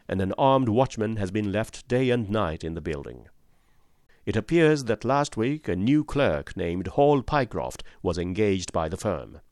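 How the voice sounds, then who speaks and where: A man reading a detective story aloud in measured, composed narration. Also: lowish voice, a little mellow, no echo, studio quality. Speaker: audiobook narrator.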